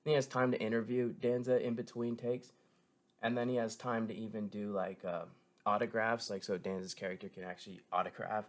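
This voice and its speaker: A man's voice: on the low side, little pitch movement, a little fast. Rambling man in casual commentary. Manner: meandering, filler-heavy, frequent self-corrections; enthusiastic fan tone. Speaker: show reviewer.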